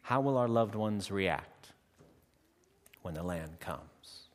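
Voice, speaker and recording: A man preaching a sermon to a congregation, dramatic, slowing down and changing his loudness for emphasis and acting out short exchanges with his listeners. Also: low voice, lively intonation. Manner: acts out quick dialogue with the congregation. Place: church hall. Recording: long hall reverb.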